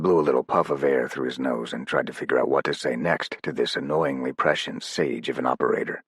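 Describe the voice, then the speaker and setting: A man narrating a thriller audiobook in a steady, even storytelling manner. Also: extremely low pitch, a little fast, hardly any pauses, slightly rough, dry recording, studio quality. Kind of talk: scripted narration.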